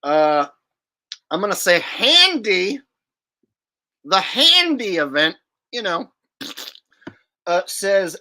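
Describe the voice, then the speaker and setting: Casual male livestream host, joking and animated, bright forceful voice. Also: high-pitched, takes it slowly, long pauses. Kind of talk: casual livestream chat reading super chats.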